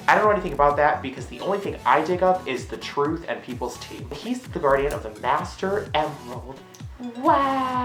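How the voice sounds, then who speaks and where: Low-voiced sassy woman rambling to camera, super bouncy pitch, squeals a lot. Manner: hyper, sassy, bursts into loud squealed exclamations. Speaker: vlogger. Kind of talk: random comedic monologue to camera. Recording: echoey room, faint music.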